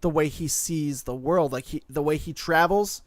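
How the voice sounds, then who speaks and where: A man's voice: fairly high pitch, moderate pace, dry recording, clean studio sound. A man co-hosting a casual podcast, running through news in a loose, joking way. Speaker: co-host.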